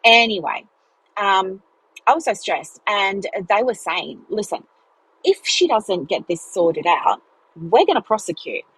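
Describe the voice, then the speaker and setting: A woman hosts her podcast in a chatty, animated storytelling style. Her voice leaps high whenever she acts out what someone said, and it has a slightly husky, breathy edge. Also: a little slow, rough recording. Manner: animated, chatty, acts out dialogue with big pitch jumps. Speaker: business mentor and podcast host. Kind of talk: casual storytelling monologue.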